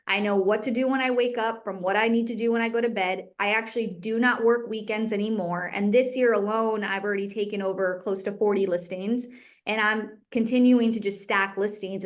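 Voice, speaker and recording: A young adult woman, a guest speaker and real estate agent, giving a candid and energetic motivational talk about her own career to a group. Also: mid-range voice.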